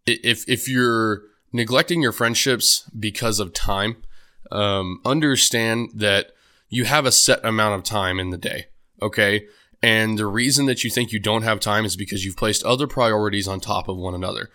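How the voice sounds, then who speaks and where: A man's voice: fairly low pitch, sharp tone. A young man talking alone on his podcast, rambling casually with many fillers and restarts. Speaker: podcast host. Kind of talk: solo podcast monologue.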